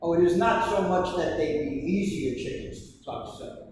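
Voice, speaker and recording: A man's voice: a little high, normal speed, a little mellow, lightly acted. A man playing a blunt Scottish merchant. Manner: curt, clipped replies. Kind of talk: live historical courtroom reenactment. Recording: echoey hall, distant mic, background noise.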